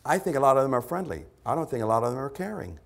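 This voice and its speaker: Male pastor, conversational sermon with lively pitch, acts out quotes. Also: very fast, gravelly. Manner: lively, conversational preaching with sudden loud put-on voices.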